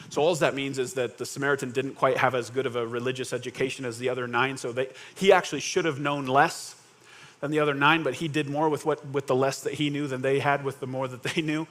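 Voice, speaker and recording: A man's voice: medium pitch, a bit bright. A male pastor preaching a conversational sermon, asking the congregation questions and acting out quoted voices. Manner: conversational, acts out scenes with quoted voices, asks the audience questions.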